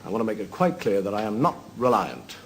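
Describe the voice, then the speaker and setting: A man with an Irish accent telling rambling drunk jokes as a seated stand-up comedian, slipping into squeaky character voices. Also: huge pitch swings, fast talker. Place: television studio with live audience. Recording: audience laughter, noisy broadcast recording.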